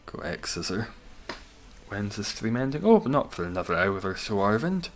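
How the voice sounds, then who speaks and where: A man's voice: lowish voice, very animated, normal speed. A young man hosting a live game stream, chatting casually, answering chat and teasing viewers with dry humor. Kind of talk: casual live-stream commentary while gaming.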